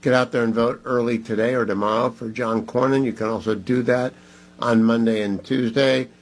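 A man hosting a talk radio show, making emphatic, preachy appeals to listeners in a husky voice. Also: medium pitch, fairly even intonation, normal speed.

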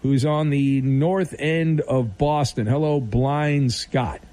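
A man's voice: mid-range voice, fairly even intonation, slow pace, mellow. A man hosting a late-night sports radio show, teasing callers in a playful, mock-serious way.

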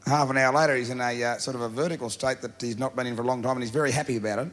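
A man's voice: medium pitch, steady tone, very fast, a bit bright. A man with an Australian accent telling comic stories in a drawling, laid-back way full of filler sounds. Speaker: comedian telling yarns. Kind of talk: stand-up storytelling.

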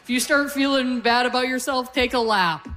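A woman's voice: high voice, normal speed, a bit bright, faint music behind. Canadian-born woman in her forties, stand-up. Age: 40s. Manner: conversational, self-deprecating storytelling. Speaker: stand-up comedian. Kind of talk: stand-up comedy set. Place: comedy stage before a live audience.

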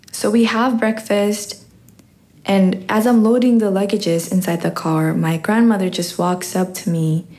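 A teenage girl telling a personal story on stage, slow and reflective. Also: mid-range voice, mellow. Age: teens.

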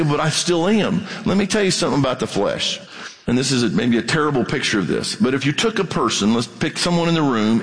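A man with a high voice preaches a sermon, reading scripture and pressing his listeners with earnest questions. His voice rings out with a long reverb, as in a large hall.

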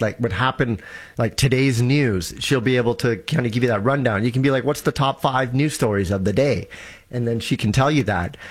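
A man explaining tech in an eager, casual way, often restarting his sentences. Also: medium pitch. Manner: enthusiastic, restarts a lot. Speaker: tech guest on a show.

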